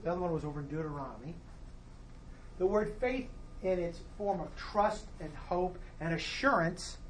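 A man leading a Bible study, explaining verses in a relaxed teaching way and posing rhetorical questions to his class. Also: fairly high pitch, slight background noise.

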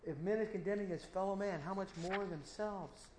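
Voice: mid-range voice, moderate pace, darkish tone, echoey room, a little hiss or hum, poor audio. A Bible teacher preaching a verse-by-verse sermon, emphatic and full of rhetorical questions.

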